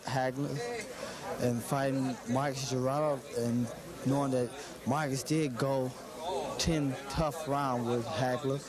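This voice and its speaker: A man, a boxer being interviewed, answering in a halting way, repeating and restarting phrases. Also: mid-range voice.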